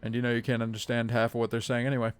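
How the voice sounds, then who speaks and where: A man's voice: medium pitch, completely flat delivery, racing, clear, resonant tone. A man in his thirties streaming a game live, chatting in a rambling way with his viewers between moves. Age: 30s. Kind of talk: live gameplay commentary.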